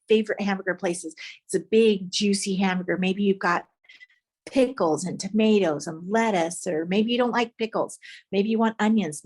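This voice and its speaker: A woman's voice: mid-range voice, darkish tone, husky. Woman giving a motivational speech. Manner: vivid storytelling, guides listeners to imagine. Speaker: motivational speaker.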